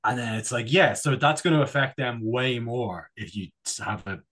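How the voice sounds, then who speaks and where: A man's voice: mid-range voice, animated, normal speed, a bit bright. A man from Ireland, a podcast co-host chatting casually, rambling and joking with lots of fillers and restarts. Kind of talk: casual chat.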